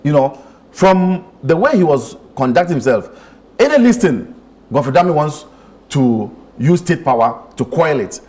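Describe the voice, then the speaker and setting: A man's voice: fairly high pitch, sing-song, moderate pace, a little mellow. A man, a member of parliament, arguing insistently in a TV studio panel debate. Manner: insistent, argumentative.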